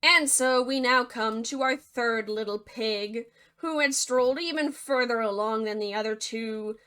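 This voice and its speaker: A young woman narrates a fairy tale for laughs, casual and sarcastic, with constant dry asides. Her voice is somewhat high, bright and forceful. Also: unhurried, clear, resonant tone. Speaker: video creator and narrator. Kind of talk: comedic storytelling narration.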